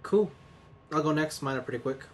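A man's voice: fairly high pitch, brisk, slight background noise. A man co-hosting a casual podcast chat, dry and teasing. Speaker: podcast co-host.

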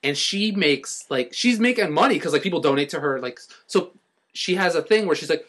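A young man in loose conversation with friends, recounting something eagerly and peppering it with "like". His voice is slightly higher than most men's. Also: fairly quick, slightly rough. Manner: animated storytelling with frequent "like". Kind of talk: casual chat.

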